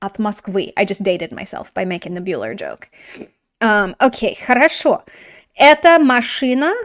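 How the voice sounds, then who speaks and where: A woman teaching a grammar lesson in a lively, chatty way, with playful asides and frequent teacherly check-ins. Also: medium pitch, moderate pace. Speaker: Russian language teacher.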